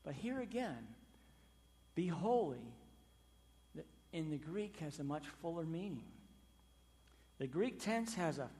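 A male pastor delivering a sermon in a church. His fairly high voice is emphatic, surging on key words and then sinking low and quiet. A long reverb from the large hall trails after every phrase. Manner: emphatic, swinging between loud stresses and quiet drops.

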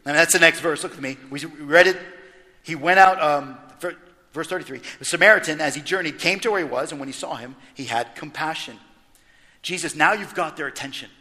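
A man preaching a lively sermon, emphatic and full of rhetorical questions. His voice sits high and rings bright. The sound carries the long reverb of a church sanctuary. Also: fairly quick. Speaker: pastor.

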